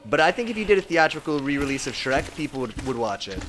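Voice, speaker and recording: Lively, joking young man streaming. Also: fairly high pitch, fast talker, background noise. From Southern California. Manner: joking, chatty, laughs often. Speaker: game streamer. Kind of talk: casual live-stream chat while gaming.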